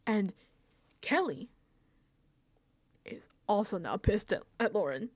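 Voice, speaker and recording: A woman host giving a casual, animated recap of a reality show, laughing often and sounding exasperated. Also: medium pitch, takes it slowly, long pauses.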